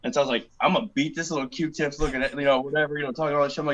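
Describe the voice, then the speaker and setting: A man on a podcast telling casual, animated stories about basic training, swearing a lot and acting out the people he quotes. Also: fairly high pitch, racing, dull audio. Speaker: podcast guest, army veteran. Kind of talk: casual storytelling.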